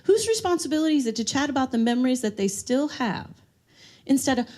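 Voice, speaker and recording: This woman's high voice swings widely in pitch, runs a little fast, and has a slightly mellow sound. She's delivering a live dementia-care seminar to an audience, sharing stories and putting questions to the room.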